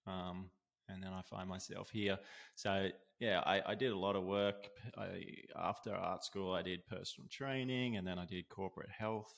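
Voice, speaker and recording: A man telling stories in a relaxed, casual way as an interview guest. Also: deep voice, normal speed, creaky, hardly any pauses. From Australia. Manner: laid-back, lots of "dude" and "like", laughs while telling. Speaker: guest, osteopath. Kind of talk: casual storytelling.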